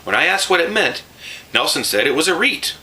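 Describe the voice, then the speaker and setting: A man's voice: on the high side, sing-song, fairly quick, bright, forceful tone, slight background noise, voice pushed up, heavily acted, poor audio. A man voicing a jovial pioneer father who talks in a hearty, cheerful way for a storybook reading.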